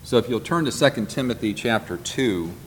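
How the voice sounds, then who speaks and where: A man teaching a Bible class from notes, earnest and deliberate, repeating and slowing down on key points. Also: medium pitch, animated. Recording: long hall reverb, faint background noise.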